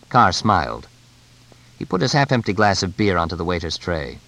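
Low-voiced guy reading a novel aloud, lots of melody, measured descriptive pacing. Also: animated, pushed and bright, low-quality recording. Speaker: audiobook narrator. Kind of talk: scripted narration.

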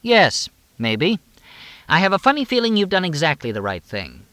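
A chatty police chief, a woman who needles and teases with a lilt , put on by a male narrator. The voice climbs and swoops through a lively range, recorded close and dry in a storybook reading. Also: high-pitched, normal speed, no echo, voice pushed up, full character voice. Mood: needling.

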